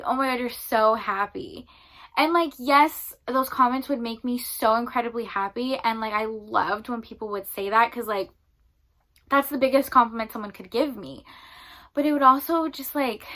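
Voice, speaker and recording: A young woman talks to her viewers in a loose, rambling vlog chat, full of fillers. Her voice is bright and sits a little high. She turns emotional and close to tears at times, but keeps talking. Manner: rambling, filler-heavy, 'like' often. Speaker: book vlogger.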